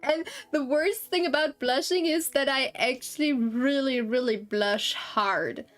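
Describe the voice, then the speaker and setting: Her voice is high and her pace measured as this young woman streams games and talks loosely to her chat. Giggly, rambling and self-conscious, she flusters easily; the audio comes from a desktop streaming mic without a camera, over soft background music.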